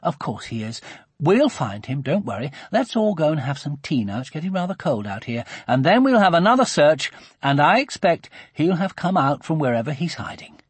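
Calm practical mum read by a man, steady reassuring tone, husky, dry close sound. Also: on the high side, moderate pace, no room sound. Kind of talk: storybook read-aloud.

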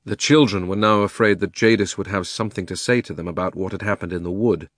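A man reads a storybook aloud in a measured, expressive way. His voice sits somewhat low, and the recording is dry with no room sound. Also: no echo. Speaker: narrator. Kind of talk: storybook narration.

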